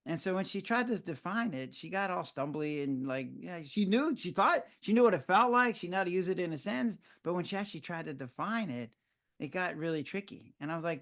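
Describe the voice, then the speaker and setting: An older man with a somewhat high voice talks in a relaxed interview. He tells lively stories and acts out his own surprised reactions. He explains with the ease of a physician who has said this many times. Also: brisk. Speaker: physician guest. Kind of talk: conversational interview.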